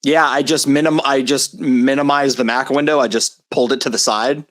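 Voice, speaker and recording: A man's voice: mid-range voice, fairly even intonation, brisk, a bit bright, no echo. A man chatting casually with a goofy, jokey manner. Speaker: podcast co-host. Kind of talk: casual chat.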